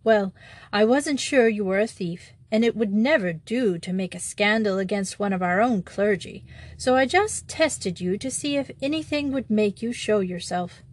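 A woman's voice: mid-range voice, animated, normal speed, natural voice. Father Brown, a woman reading a meek little priest. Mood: mild. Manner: gentle, simple, apologetic. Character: meek little male country priest, apologetic.

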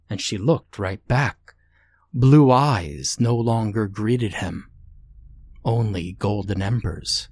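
A man narrating a scary story in a slow, deliberate, ominous scripted reading. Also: on the low side, a little mellow.

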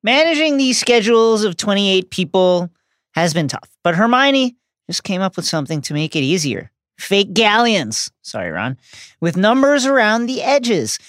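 Playful woman with a lively, bouncing voice. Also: medium pitch, moderate pace, no echo, clean studio sound. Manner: playful, jokey narration with slang asides. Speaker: podcast co-host. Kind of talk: scripted book recap.

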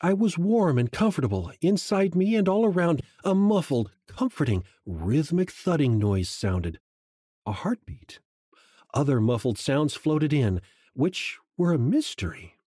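A man reading a first-person audiobook in a slow, hushed, measured way. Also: a little high, big pitch swings, no echo, clean studio sound. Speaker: audiobook narrator. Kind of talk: first-person scripted narration.

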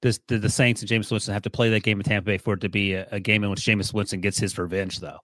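A man's voice: lowish voice, level tone, very fast, fairly bright tone, no room sound. A man co-hosting a sports podcast who asks long, winding questions and teases his partner. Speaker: sports writer and podcast co-host. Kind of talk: casual podcast analysis.

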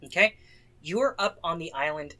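Casual game master, man, slightly high voice, easygoing narration. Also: animated, moderate pace, pushed and bright. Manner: casual, laid-back with swearing.

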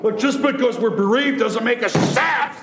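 An actor playing a volatile, blustering middle-aged man with a forceful, explosive delivery. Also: extremely high pitch, normal speed, music in the background. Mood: angry. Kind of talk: film dialogue.

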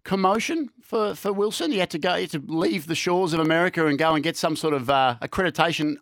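An Australian man with a slightly higher voice chats loosely about fights, circling back and restarting his sentences. The sound is dry and close, with no room around it. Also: expressive, fast, fairly bright tone, no echo. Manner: chatty, rambling with many restarts and fillers. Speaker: sports podcast co-host. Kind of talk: casual sports chat.

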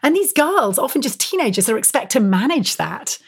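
A woman historian talking as an interview guest, telling stories in an animated, emphatic way full of fillers and quick self-corrections. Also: husky. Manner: animated, emphatic storyteller with frequent rises in pitch and loudness. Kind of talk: conversational interview storytelling.

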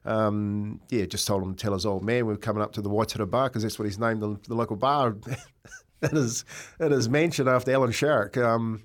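A man's voice: lowish voice, fairly even intonation, fairly quick. A New Zealand man chatting casually on radio, telling a long story with lots of fillers and restarts. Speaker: racehorse owner and regular.

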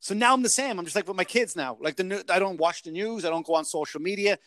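Podcast host guy rambling and cussing, slightly high voice, dead dry mic. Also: quick pace, a bit bright, no room sound. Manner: rambling, swears casually. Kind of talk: casual podcast chat.

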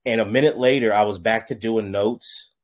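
A man's voice: lowish voice, steady tone, moderate pace. A man hosting a podcast, telling stories in a casual, rambling way full of "I'm like" asides before asking a long-winded question. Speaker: podcast host. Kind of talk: casual conversational interview.

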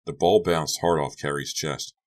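A man narrating a young-adult horror novel as an audiobook reader, steady and dramatic. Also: extremely low pitch, normal speed. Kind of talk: scripted narration.

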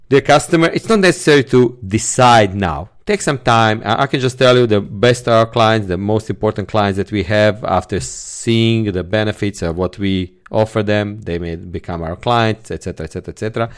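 A man hosting a solo podcast, teaching sales techniques and stressing key words in his examples. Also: low-pitched. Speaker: podcast host, sales trainer.

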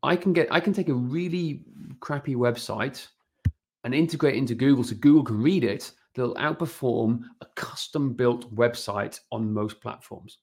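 A man's voice: mid-range voice, normal speed, darkish tone, husky. A man in his forties, a guest on a podcast, explaining website matters casually and animatedly, often checking in with "right?". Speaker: guest, fitness business and website consultant.

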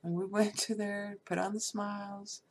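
A middle-aged woman with a drawl tells a personal story in a relaxed, unscripted way. Her voice has a gravelly rasp at mid pitch, and she speaks bluntly, peppering her account with fillers. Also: normal speed. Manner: candid and salty, with frequent fillers and laughs. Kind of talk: personal life story told casually.

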